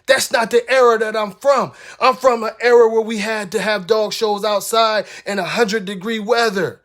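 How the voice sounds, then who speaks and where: High-pitched guy going off on a livestream about dogs, blunt and cussing, keeps repeating his point. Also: fairly even intonation, normal speed, hardly any pauses, a bit bright. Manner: blunt and profane, repeating himself for emphasis. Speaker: dog breeder ranting on a livestream. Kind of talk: heated livestream rant.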